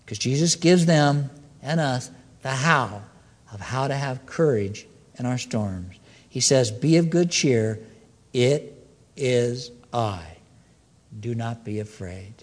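A man preaching a sermon, swinging between loud, excited questions and hushed, slow lines. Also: medium pitch, big-room sound. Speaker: pastor.

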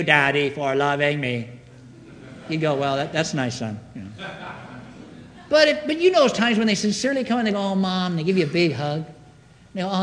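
A man's voice: high voice, big-room sound. A man preaching a sermon to a congregation, reading scripture and asking the room call-and-response questions. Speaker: pastor. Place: church sanctuary.

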